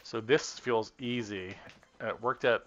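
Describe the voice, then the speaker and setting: Over dull lo-fi stream audio with faint game music, a man casually thinks aloud while testing combos live. He rambles, often trails off, and corrects himself. His medium-pitched voice is steady, unhurried, and fairly bright.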